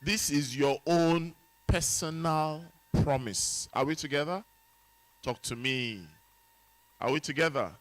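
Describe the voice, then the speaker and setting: A man hosting a summit session in a conference hall. He speaks slowly with a bright, forceful tone and a slightly raised pitch. He exclaims and throws questions at the audience. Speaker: event host.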